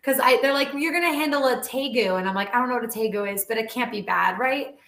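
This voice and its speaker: A woman who trains dogs and animal talent, telling a story in a casual interview with animated, chatty energy and lots of "like.". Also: on the high side, fast talker. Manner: animated, chatty, heavy use of "like". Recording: roomy echo.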